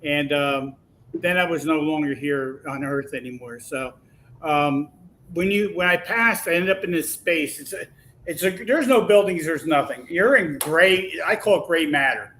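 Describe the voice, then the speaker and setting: A man guest telling a long personal story in a lively, animated way, acting out the voices he quotes. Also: fairly high pitch, moderate pace, a little hiss or hum, poor audio. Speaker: podcast guest. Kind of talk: casual storytelling.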